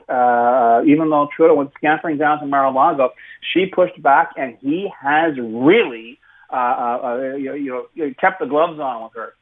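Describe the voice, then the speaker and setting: A political commentator with a Canadian accent, talking in a sardonic radio commentary full of fillers and restarts. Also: male voice, a little high. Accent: Canadian English. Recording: phone-like narrow radio line.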